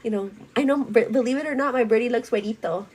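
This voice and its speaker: A woman's voice: a little high, fast talker, darkish tone, rough recording. A woman from a Mexican-American family chatting casually while getting ready at home, bubbly and laughing often, dropping in Spanish words. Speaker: beauty vlogger. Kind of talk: casual chat.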